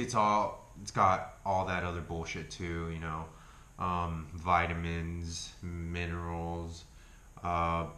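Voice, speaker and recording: Deep-voiced man with an Argentine accent. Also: bright, forceful tone, echoey room, slight background noise. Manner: rambling, swears freely, self-correcting. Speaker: health food vlogger. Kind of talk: casual chat review.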